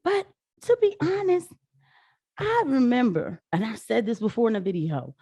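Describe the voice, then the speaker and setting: A young woman vlogging casual political commentary, animated and sarcastic, talking straight to her viewers. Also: fairly high pitch, normal speed, breathy edge, dry recording, studio quality.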